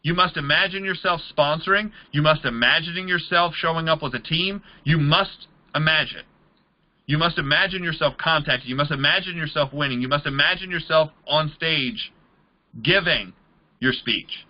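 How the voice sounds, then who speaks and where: A man's voice: a little high, moderate pace, muffled recording. A man leading a motivational sales training, talking in an emphatic, repetitive coaching manner. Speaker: MLM trainer.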